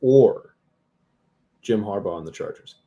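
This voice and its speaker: A man's voice: on the low side, animated, unhurried, warm tone, muffled recording. A man co-hosting a casual sports chat, making dry joking quips. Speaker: co-host.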